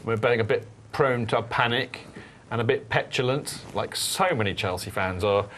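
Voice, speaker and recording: A man with a medium-pitched voice hosts a football fan podcast, talking at a moderate pace over a faint hiss or hum. He's animated and jokey, steering the casual football chat as he banters with his panel.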